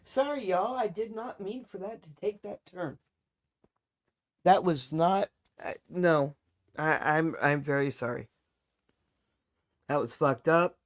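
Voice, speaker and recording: Brief: woman streamer, low voice, unhurried delivery, blunt, swears freely, fired-up rant to viewers. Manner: blunt and heavily profane. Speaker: live streamer. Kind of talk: casual live-stream chat.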